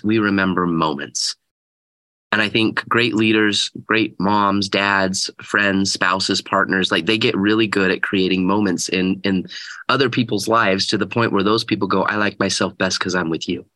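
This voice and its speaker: Man, thirties, guest speaker, earnest animated storytelling, low voice, dry sound. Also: moderate pace, no room sound, rough recording. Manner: earnest, animated storyteller who acts out quotes. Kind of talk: storytelling in an interview.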